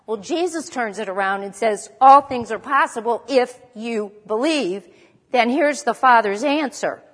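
A woman's voice: on the high side, lively intonation, unhurried, a bit bright, long reverb tail. A woman preaching a sermon in a conversational way, stopping to correct herself as she goes. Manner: conversational, with restarts and self-corrections.

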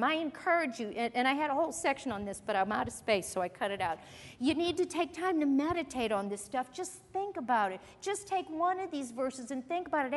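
A woman teaching a Bible lesson in a sermon style, earnest and emphatic as she quotes scripture. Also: high-pitched. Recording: long hall reverb.

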